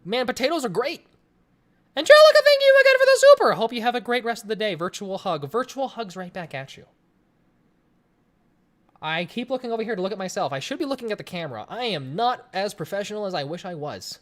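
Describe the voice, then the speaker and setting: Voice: mid-range voice, expressive, a little fast. A person in their twenties from Colorado, hosting a casual livestream Q&A from home and answering chat in a rambling, joking way. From Colorado, USA. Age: 20s. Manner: rambling, joking, chatty with frequent restarts. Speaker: livestream host. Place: home room, in front of a webcam. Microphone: desk microphone on a stream setup.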